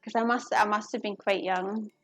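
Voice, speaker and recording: A woman's voice: mid-range voice, fairly even intonation, normal speed, dry recording, faint music behind. A woman chatting casually with her viewers as she cooks on a live stream. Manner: chatty, talks to viewers while cooking. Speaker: cooking streamer. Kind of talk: casual live cooking chat. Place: home kitchen.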